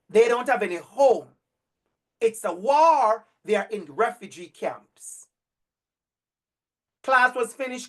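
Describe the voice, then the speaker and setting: A middle-aged male educator telling a story to an online audience over a video call, animated and emphatic, repeating phrases for effect. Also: high voice. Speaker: educator and speaker.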